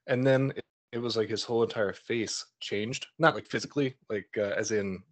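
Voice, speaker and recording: A man's voice: fairly low pitch, normal speed. A man on a podcast, talking casually and hesitantly with lots of "like" and "you know.". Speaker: podcast co-host.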